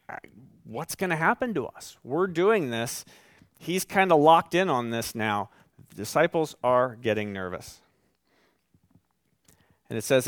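A male pastor preaching a sermon, moving from calm teaching to loud, rising emphasis and reading scripture with slow, weighted endings. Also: on the high side, dry recording, studio quality.

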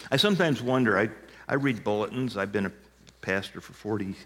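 A man's voice: lowish voice, expressive, brisk. Older male pastor preaching in a reverberant hall. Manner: storytelling with emphatic shouted punchlines. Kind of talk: sermon.

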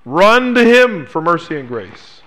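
A man delivers a sermon in a bright, ringing voice that sits high for a man. He preaches emphatically and fires rhetorical questions at his listeners. On key phrases he sinks into a hushed low voice. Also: big pitch swings, unhurried. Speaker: pastor.

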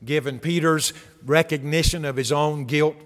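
A male preacher delivers an expository sermon in an earnest, emphatic manner, driving his main points home by repeating them. His voice sits fairly high for a man. A long reverb from the church sanctuary trails behind him. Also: fairly even intonation, normal speed.

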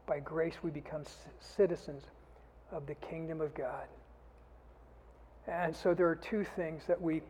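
A man preaching a sermon as pastor, earnest and often dropping to a soft, intimate delivery. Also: a little high, a little hiss or hum. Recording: long hall reverb.

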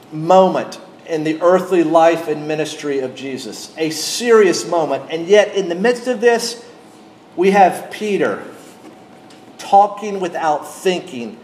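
A middle-aged man preaching a sermon as pastor, speaking deliberately and asking his congregation questions. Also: sits high, a little mellow, echoey room, a little hiss or hum.

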